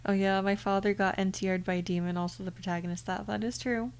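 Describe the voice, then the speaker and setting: A woman streaming a game in a soft-spoken ASMR style, quietly playful and muttering to herself. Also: medium pitch, fairly even intonation, fast talker, smooth.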